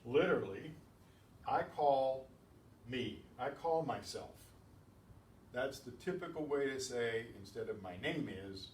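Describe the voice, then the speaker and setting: A man teaching a beginners language class, patient and methodical, spelling out rules slowly. He sounds distant from the microphone in an echoey room, with faint ambient noise behind him. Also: medium pitch, animated. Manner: patient, explains slowly with repeated examples. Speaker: Spanish teacher. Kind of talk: classroom lesson.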